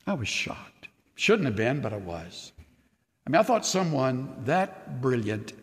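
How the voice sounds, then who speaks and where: An older man preaching a sermon in an earnest way, dropping to soft, near-whispered phrases and then rising to emphatic declarations. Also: mid-range voice. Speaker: pastor. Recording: long hall reverb.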